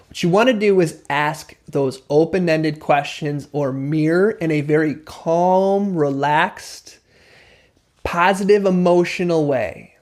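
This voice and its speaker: A man's voice: on the high side, darkish tone. A man, the host, explaining negotiation tips and acting out both sides of a conversation.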